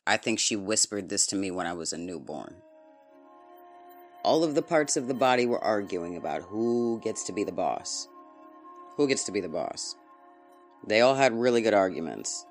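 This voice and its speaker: Man telling a story over music. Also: on the low side. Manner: relaxed, drifting quieter, profane asides. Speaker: podcast host and storyteller. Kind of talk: casual spoken storytelling.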